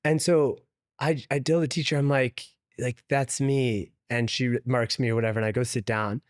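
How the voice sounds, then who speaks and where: A man's voice: medium pitch, steady tone, moderate pace, no echo, studio quality. A man, a guest on an interview show, telling a story casually, with lots of "like" fillers and frequent laughter. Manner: loose and chatty, heavy use of "like", laughs often. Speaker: interview guest, venture investor.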